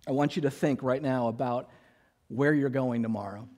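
A male pastor delivering a sermon in a relaxed, conversational way. His voice sits at a middle pitch, and he keeps things light with small jokes. He slips into quick acted-out dialogue as he tells his stories. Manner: conversational, joking, acts out quotes.

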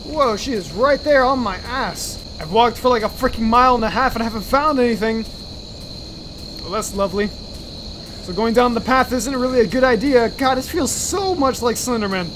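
A man's voice: very high-pitched, animated, moderate pace, noisy background. Jumpy young man playing a horror game. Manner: jumpy, swears and screams when startled. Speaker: gaming channel host.

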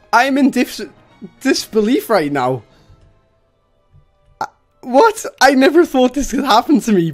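Excitable woman game streamer. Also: on the high side. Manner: excitable, shrieks and laughs in disbelief. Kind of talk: live stream commentary.

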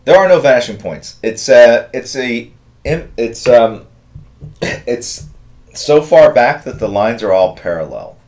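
A middle-aged man hosting a live drawing stream, giving relaxed, rambling step-by-step instructions and thanking viewers in the chat. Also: medium pitch, takes it slowly. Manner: relaxed, rambling instructions with fillers and chat-reader shout-outs. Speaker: artist hosting a draw-along stream.

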